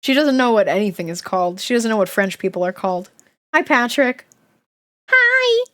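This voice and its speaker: A woman's voice: on the high side, sing-song, moderate pace, sharp tone. A woman streamer reading a children's book aloud to her live chat, often breaking off to giggle and make chatty asides.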